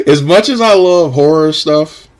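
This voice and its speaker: A man co-hosting a live wrestling podcast, answering questions in a relaxed, rambling way that keeps breaking into laughter. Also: on the high side, takes it slowly. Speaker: podcast co-host. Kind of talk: casual live podcast chat.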